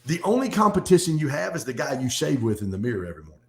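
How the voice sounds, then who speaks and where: A man speaking as a guest in a casual podcast conversation, talking in an animated, fast, motivational way. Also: mid-range voice. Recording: echoey room.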